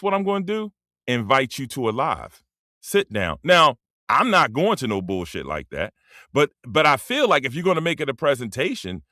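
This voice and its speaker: A man's voice: medium pitch, pushed and bright, no room sound, clean studio sound. Laughing, rambling man on a livestream. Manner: loose, joking, preachy asides to chat; laughs often mid-sentence. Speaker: livestream host. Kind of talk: casual livestream rant.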